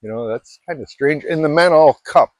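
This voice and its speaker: A man's voice: fairly high pitch, normal speed, dry recording. A middle-aged man from Alaska chatting casually to camera, rambling and self-deprecating with many restarts. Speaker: vlogger.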